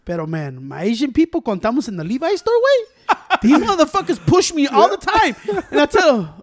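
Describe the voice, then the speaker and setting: A Mexican-American man co-hosting a podcast chat, teasing and crude, laughing loudly and mixing Spanish slang into his English. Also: very high voice, wildly swooping pitch, fairly quick. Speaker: podcast co-host. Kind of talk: casual chat.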